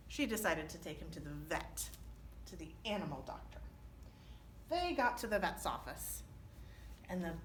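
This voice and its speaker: A woman reading a story aloud to children as a librarian, animated, often pausing to ask them questions. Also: lowish voice, slight background noise.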